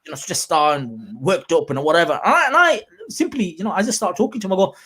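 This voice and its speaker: A man hosting a podcast in casual chat, animated and quick to act out quotes in a raised voice. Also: sits high, husky. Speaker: podcast host.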